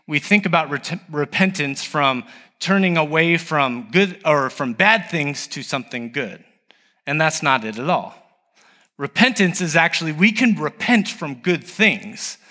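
A man preaching a sermon. His voice sits a little high and rings bright, rising and falling through a very wide range as he speaks in a conversational way and asks rhetorical questions. It carries the long reverb of a large hall. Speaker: pastor.

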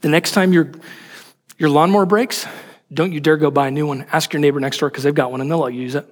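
A man preaching a sermon in an animated, emphatic way, asking rhetorical questions. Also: a little high, fast, in a large hall. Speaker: pastor.

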